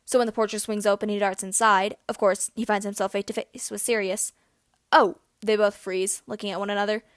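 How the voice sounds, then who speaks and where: A woman's voice: medium pitch, little pitch movement, fast, clear, resonant tone, no echo. Woman reading a story in a dry room. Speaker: audiobook reader. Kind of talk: reading fan fiction aloud.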